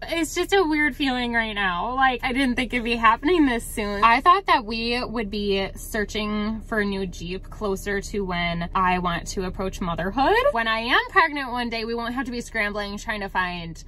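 A young woman chatting excitedly to a phone camera for her vlog, sitting in her car, gushing and emotional. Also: fairly high pitch, normal speed, hardly any pauses, a little hiss or hum. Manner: gushing, excitable, talks to herself. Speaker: vlogger. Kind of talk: casual vlog talk to camera.

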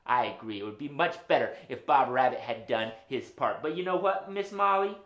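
A man hosting a children's puppet show, talking to the kids at home in an animated, sing-song way. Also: mid-range voice, a little fast, muffled recording. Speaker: children's entertainer host. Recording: roomy room echo.

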